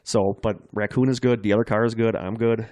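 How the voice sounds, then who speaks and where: Male podcast co-host, low-pitched, casual and self-mocking storyteller, dry studio sound. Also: steady tone, brisk, a little mellow, dry recording. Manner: self-deprecating, rambling storyteller. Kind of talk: casual chat.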